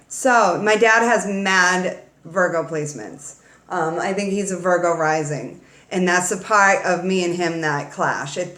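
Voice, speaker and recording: A woman's voice: medium pitch, fairly bright tone. Woman tarot reader, casual and playful, salty slang, roomy echo. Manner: playful, slangy, swears freely, talks straight to viewers.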